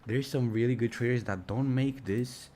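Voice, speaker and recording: A young man with a medium-pitched, mellow voice rants at a moderate pace on a casual live stream about trading. Exasperated and sarcastic, he swears and calls everyone "bro," his mic right at his mouth.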